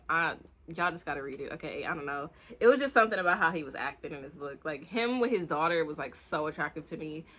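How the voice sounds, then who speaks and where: A young woman, giving a rambling, casual book review full of swearing and acted-out lines. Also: low voice. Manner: animated, swearing, acts out the characters' lines in quick bursts. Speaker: book vlogger.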